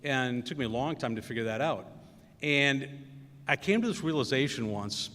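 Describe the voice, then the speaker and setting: Speaking in an expressive, medium-pitched, fairly bright voice at a moderate pace, a middle-aged commencement speaker from Wisconsin shares loose anecdotes in a large hall with long reverb. He leans on fillers and acts out the quotes in his stories.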